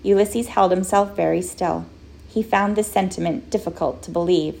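Woman audiobook narrator, steady and measured, with a gravelly voice. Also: on the low side. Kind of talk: scripted storybook narration.

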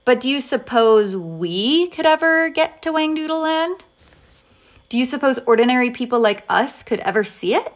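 A woman's voice: sits high, expressive, moderate pace, pitched above the performer's own voice. A woman voicing a curious, eager little girl who asks a lot of questions in a storybook reading.

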